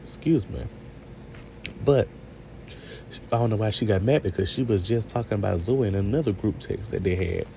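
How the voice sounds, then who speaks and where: A man's voice: on the low side, moderate pace, creaky, pauses often, rough recording. A man giving a casual, rambling TV review, talking straight to his viewers. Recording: steady background noise.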